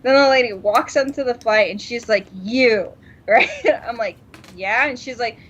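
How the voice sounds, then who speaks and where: A woman's voice: fairly high pitch, moderate pace, a little hiss or hum. A woman co-hosting a podcast, telling a story in casual chat, laughing often and acting out what people said. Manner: animated, laughs often, acts out quotes. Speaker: podcast co-host. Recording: dull lo-fi sound.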